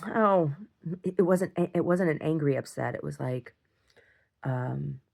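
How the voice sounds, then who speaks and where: A woman recording a casual video diary, rambling through an animated story and acting out what others said. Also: sits low, normal speed, creaky. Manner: rambling, animated retelling with acted-out quotes. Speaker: video diarist.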